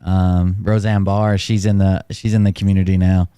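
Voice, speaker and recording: Smooth low-voiced Southern American host. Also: male voice, little pitch movement, moderate pace, dark tone, dry recording, clean studio sound. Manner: laid-back, laughs easily, short agreeing replies. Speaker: podcast host. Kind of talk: casual interview chat.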